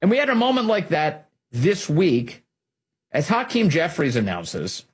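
Husky guy doing political commentary, really animated pitch, punchy and urgent. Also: unhurried. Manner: emphatic, animated, rising to urgent peaks.

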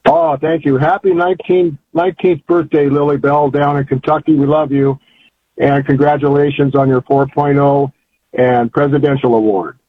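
A man's voice: fairly high pitch, steady tone, normal speed, husky. An older man calling in to a radio show, talking in a rambling, folksy and fervent way. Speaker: caller. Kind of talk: phone-in chat. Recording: tinny phone line.

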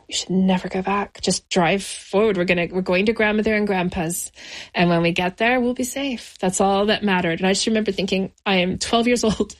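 A middle-aged woman as an interview guest, recounting her childhood in a reflective, measured way with slow pauses. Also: on the low side. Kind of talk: personal memoir interview.

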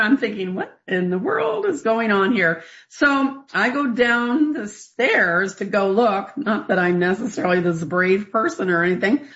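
A woman, a radio co-host telling a story in a rambling, animated way and laughing often. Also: fairly high pitch. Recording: dull lo-fi radio broadcast.

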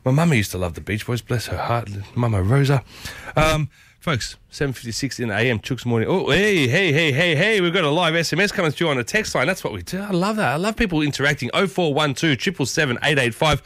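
A man with an Australian accent hosting a morning radio show, chatty and upbeat, often jumping up in pitch. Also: expressive, quick pace, a bit bright, dry recording. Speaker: radio host. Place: radio studio. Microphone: studio microphone.

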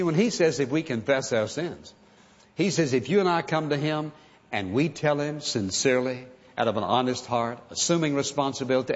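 Man preaching in an echoing hall. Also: mid-range voice. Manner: earnest, emphatic, acts out pleading prayers. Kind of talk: sermon. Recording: dull sound with long hall reverb.

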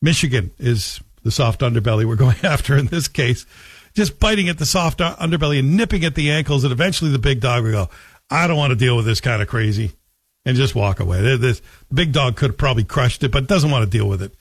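A man's voice: medium pitch, lively intonation, quick pace, slightly rough, dry recording. A man hosting a radio talk show, delivering a combative, sarcastic opinion monologue from a studio. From Canada. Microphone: studio microphone.

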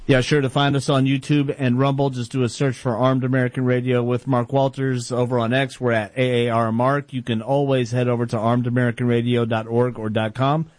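Flat-voiced radio co-host. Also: male voice, medium pitch, a little fast, hardly any pauses, no echo. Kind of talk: reading show announcements. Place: hot radio studio.

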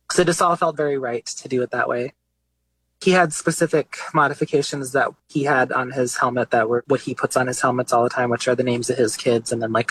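A man, an artist being interviewed, talking in a relaxed, chatty way with many fillers. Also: medium pitch, no echo, rough recording. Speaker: artist guest. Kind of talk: casual interview talk.

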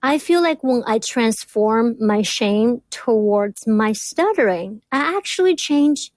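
A woman's voice: on the high side, lively intonation, no room sound. A woman in her thirties who stutters, a doctoral student speaking openly and reflectively as an interview guest. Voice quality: stutters, with repeated words. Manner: slow, reflective and open. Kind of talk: candid interview talk.

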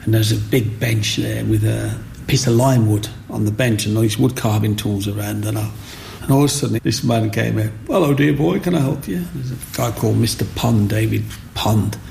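A middle-aged man tells his story with a deeply gravelly, creaky voice. He is an animated storyteller who slips into the voices of the people he meets. A faint hiss sits under his voice. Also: normal speed. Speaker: guest, micro-sculptor. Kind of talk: storytelling interview.

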